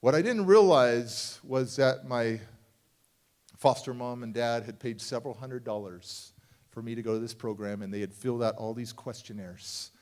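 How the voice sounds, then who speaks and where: A motivational speaker telling a personal story at a conference, acting out the people in it and swinging between hushed and loud. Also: male voice, mid-range voice, normal speed. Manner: acts out voices of people in his story, swings from hushed to shouting. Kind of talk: dramatic storytelling keynote. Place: large conference hall.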